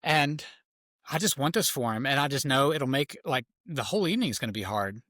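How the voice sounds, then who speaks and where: Bright-voiced man telling a story. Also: mid-range voice, a little fast, dry recording, clean studio sound. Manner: lively, acts out voices in his stories. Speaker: podcast guest, father of three. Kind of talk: animated storytelling in conversation.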